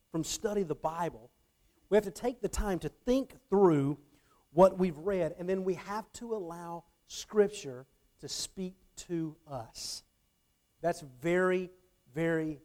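A man's voice: high voice, darkish tone. A middle-aged man giving a conversational Bible teaching talk. He checks in with his listeners often and repeats words as he restarts phrases.

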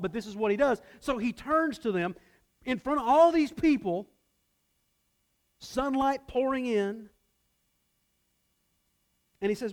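A man with a high voice preaching a sermon. He talks to his listeners like a conversation and keeps asking them questions. He acts out the lines he quotes with big jumps in pitch and volume. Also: darkish tone. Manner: conversational, asks the audience questions. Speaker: pastor.

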